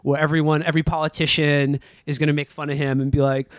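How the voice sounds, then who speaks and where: A man with a somewhat high voice riffs casually on a podcast. His talk rambles, full of fillers and half-finished thoughts. The sound is dry and close, with no room around it. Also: level tone, quick pace, dry recording. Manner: rambling storytelling with frequent fillers and mock voices. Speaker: podcast co-host. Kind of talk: casual comedic movie review chat.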